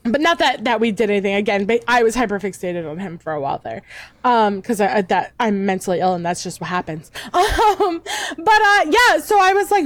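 A woman's voice: fairly high pitch, a little fast, no room sound. A woman guest, a VTuber, chatting casually and rambling with fillers and restarts. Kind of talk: casual chat.

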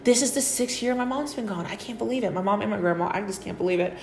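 A young adult woman hosting a podcast, talking in a casual, rambling way with many fillers and calling her listeners y'all, moving into soft, earnest spiritual affirmations. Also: mid-range voice, fast. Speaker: podcast host, psychic reader. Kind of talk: reflective spiritual monologue.

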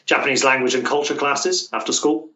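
British male guest, chatty with restarts and fillers; bright tone, echoey room. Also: mid-range voice, fairly even intonation, fairly quick. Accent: British English. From Britain. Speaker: guest, language coach. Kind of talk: casual interview chat. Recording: roomy, distant, dull remote-call sound.

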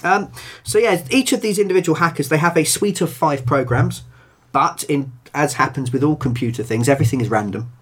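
A man's voice: a little high, brisk, few pauses, husky. A man co-hosting a casual board game podcast, joking and slipping into silly voices. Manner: jokey, drifts into silly voices. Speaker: podcast co-host.

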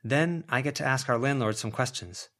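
A man voicing a tired, practical young woman in an audiobook reading, firm and quietly weary. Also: medium pitch, moderate pace, voice pushed up, lightly acted.

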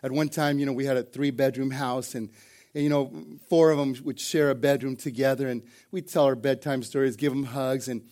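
A man's voice: medium pitch, steady tone, fairly quick, a little mellow. A middle-aged man preaching a sermon to his congregation, telling folksy stories with jokes and restarts. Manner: folksy storytelling with jokes, repeated starts and "man". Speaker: pastor. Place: church service before a congregation.

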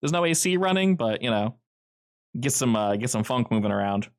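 A man's voice: mid-range voice, animated, a little fast. A man running a tabletop game as game master, narrating in a rambling, easygoing way full of fillers.

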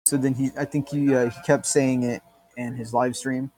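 A man's voice: medium pitch, little pitch movement, normal speed, darkish tone, breathy edge. A man co-hosting a podcast, rambling and joking in casual banter, swearing freely. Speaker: podcast co-host.

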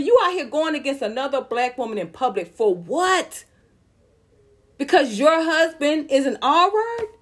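Outspoken high-voiced woman vlogger. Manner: outspoken, heated, slangy, addresses viewers directly. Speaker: gossip vlogger. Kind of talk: celebrity gossip commentary.

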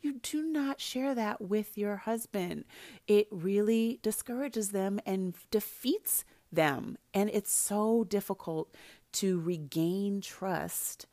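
A woman's voice: medium pitch, no echo. Chatty woman giving marriage advice. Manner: animated, chatty storytelling. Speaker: relationship advice speaker. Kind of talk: casual advice talk to wives.

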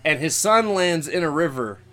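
A man casually retelling a cartoon episode, quoting the characters as he goes. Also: on the high side. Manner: quick, animated retelling with quoted lines. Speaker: podcast co-host recapping a cartoon. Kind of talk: casual chat, retelling a plot.

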